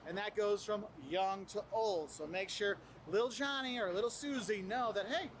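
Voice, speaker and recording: High-voiced man giving animated travel tips. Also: normal speed, slight background noise. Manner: animated, acts out quoted people. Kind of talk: casual advice to camera.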